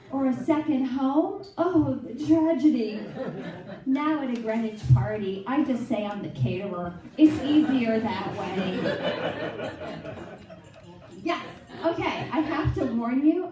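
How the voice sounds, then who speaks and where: A woman performing a chatty, self-mocking stand-up comedy set on a club stage. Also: on the high side. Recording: echoey club audio from far off, loud crowd. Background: audience laughter.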